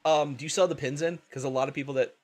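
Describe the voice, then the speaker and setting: A man's voice: on the high side, steady tone, fast talker, darkish tone, a little hiss or hum. A man hosting a casual livestream, sleepy and tired, swearing often and laughing a lot. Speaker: livestream host.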